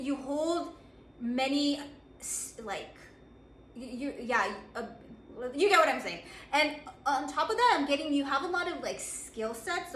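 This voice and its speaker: A woman giving a channeled oracle card reading, bubbly and excitable, laughing often and acting out other people's reactions. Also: a little high, echoey room, slight background noise. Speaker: tarot reader.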